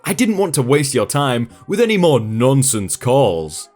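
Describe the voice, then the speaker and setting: A man's voice: medium pitch, big pitch swings, unhurried, darkish tone, soft background music. A man reading a first-person story aloud in a dry, sarcastic storytelling manner. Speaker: storytime narrator.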